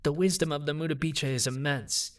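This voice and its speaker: A man voicing a wise male animal familiar in an audiobook, speaking in a measured, earnest way. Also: a little high, distant mic, lightly acted.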